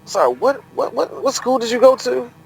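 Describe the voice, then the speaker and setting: Lively, joking man in sports banter. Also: very high voice, moderate pace, vocal fry, slight background noise, poor audio. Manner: profane, joking, laughs often. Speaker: podcast co-host.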